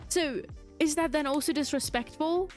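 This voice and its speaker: Chatty young woman streamer, slightly high voice. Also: normal speed, soft background music. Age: young adult. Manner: rambling, chatty, animated, laughs often. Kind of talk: casual chat while gaming, reading chat aloud.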